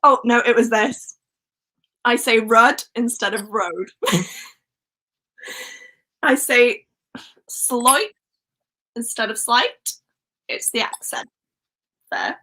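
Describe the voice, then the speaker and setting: A woman's voice: fairly high pitch, slow, pauses often, sharp tone, rough recording. A young woman with a Welsh accent hosting a casual book livestream, giggling and chatting as she reads out viewer comments. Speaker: book channel host.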